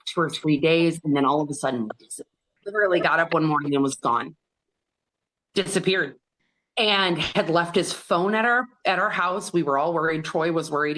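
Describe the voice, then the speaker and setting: Low-voiced woman recounting a painful memory. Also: a bit bright. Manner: earnest, halting retelling of a painful memory; acts out others' words in quoted dialogue. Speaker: podcast guest. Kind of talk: personal storytelling in an interview.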